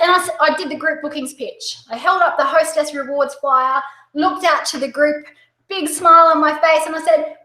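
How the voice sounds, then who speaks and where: An Australian woman presenting a sales-coaching webinar, upbeat and excitable, talking fast. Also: sits high, reverberant, rough recording.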